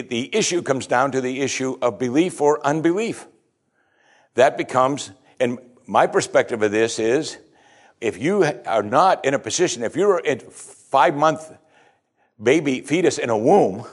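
A man's voice: mid-range voice, expressive, a little slow. A pastor preaching a sermon, reading scripture aloud and then explaining it in a conversational way, pushing his voice up to stress key points. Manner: emphatic, often rising to stress a point.

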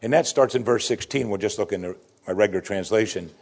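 Husky-voiced man preaching a sermon. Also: fast talker. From United States. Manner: reads scripture with rising emphasis, then drops low and soft to reflect. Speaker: pastor.

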